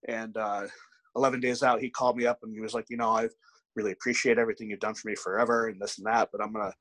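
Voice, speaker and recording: His lowish voice races along as he, a bodybuilding coach, tells animated stories on a casual podcast, cursing freely and playing out the conversations. The recording is low-quality, with no echo.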